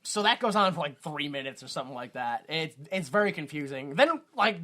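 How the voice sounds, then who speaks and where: A man's voice: on the high side, sing-song, brisk, bright, forceful tone. A man co-hosting a podcast, recapping a film in a rambling, casual way and laughing at his own retelling. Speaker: podcast co-host.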